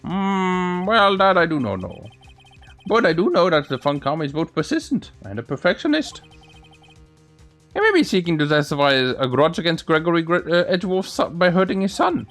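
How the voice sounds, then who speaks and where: A man's voice: fairly high pitch, very animated, normal speed, a bit bright. A man voicing an old man who talks in an old-fashioned way, calling people my dear and me boy, over faint game music. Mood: earnest.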